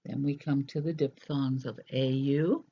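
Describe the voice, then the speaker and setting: A teacher giving a recorded language lesson, explaining slowly and deliberately with hesitant fillers, in a dull lo-fi recording. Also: mid-range voice, steady tone, slightly rough.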